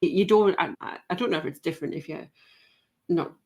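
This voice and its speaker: A woman's voice: fairly low pitch, a little fast, a little mellow. A woman from North East England, hosting a podcast in friendly casual chat and asking questions. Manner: friendly, asks questions, laughs easily. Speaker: podcast host.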